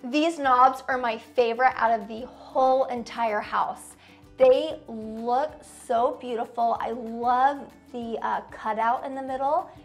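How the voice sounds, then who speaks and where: A woman's voice: on the high side, steady tone, slow pace, faint music behind. A woman in her thirties giving a casual home tour, gushing and chatty with lots of fillers. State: tearful at times. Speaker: vlogger. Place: inside a home.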